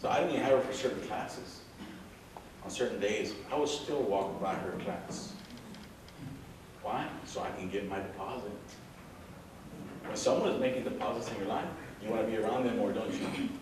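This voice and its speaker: A man's voice: on the low side, moderate pace, pauses often. Man, from houston texas, motivational speaker, casual storytelling, fillers and asides, distant, background noise. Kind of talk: storytelling presentation. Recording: echoey room, distant mic, background noise.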